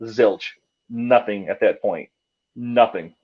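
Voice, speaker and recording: Man, low voice, paranormal investigator, rambling casual storytelling, muffled lo-fi audio. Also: slow pace. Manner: rambling, many fillers and restarts. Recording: dull lo-fi sound.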